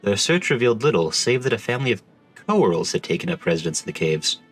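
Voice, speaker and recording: A man voicing a formal, measured naval commander in a game, reading the lines plainly. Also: on the low side, very animated, husky, faint music behind. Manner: formal, measured, stumbles over names. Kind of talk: reading game dialogue aloud in voices.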